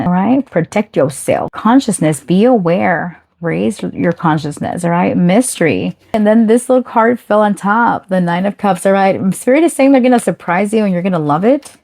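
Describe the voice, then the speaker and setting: A woman reads tarot for her viewers in a relaxed, chatty way, calling them honey. Her voice sits a little low and sounds mellow and warm, never sharp. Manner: chatty, affectionate, calls listeners honey. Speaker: tarot reader. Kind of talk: pick-a-card tarot reading.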